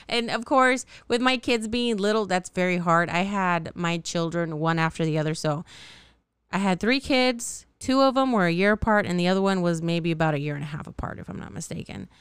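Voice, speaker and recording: A woman's voice: lowish voice, smooth, no room sound, clean studio sound. A woman in her thirties hosting a candid solo podcast, blunt and profane, laughing often at herself, her throat a little sore. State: slightly sore, scratchy throat. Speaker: podcast host.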